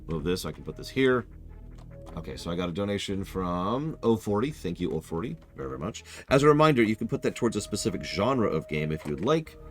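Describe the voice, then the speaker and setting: A man's voice: lowish voice, big pitch swings, fast talker, hardly any pauses, soft background music. A man streaming live, casually answering chat questions in a rambling, self-deprecating way.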